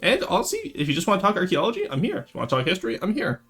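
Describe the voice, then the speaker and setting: A man chatting casually on a live stream, animated and rambling, quick to laugh. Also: high-pitched, husky, faint music behind.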